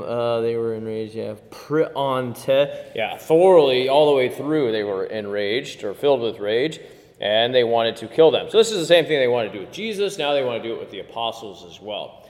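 A man's voice: mid-range voice, animated, normal speed, a little mellow. Man teaching a Bible class in an echoey room. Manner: conversational, asks the class questions, many "okay"s. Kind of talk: interactive Bible class with Greek notes. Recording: echoey room with long reverb.

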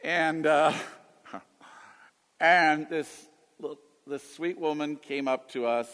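A man's voice: a little high, extremely slow, fairly bright tone, clear, resonant tone, long reverb tail. A man in his late fifties, a radio Bible teacher answering callers in a folksy, rambling way with restarts. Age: 50s. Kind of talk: call-in radio chat.

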